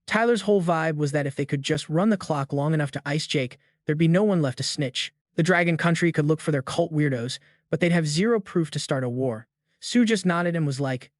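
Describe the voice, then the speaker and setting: A man's voice: a little high, expressive, normal speed, dry recording, studio quality. A man narrating a story recap in a chatty, slangy way, with playful asides to viewers.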